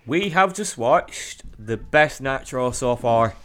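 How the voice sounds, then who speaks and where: Excitable man, bright voice. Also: mid-range voice, slow pace. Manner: excitable, swears a lot, laughs often. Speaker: podcast co-host. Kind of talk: casual podcast chat.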